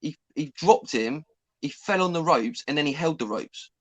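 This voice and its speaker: Animated British lad arguing boxing. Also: male voice, on the high side, normal speed, dry recording. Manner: animated, argumentative, acts out quotes. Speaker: co-host. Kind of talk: heated casual debate.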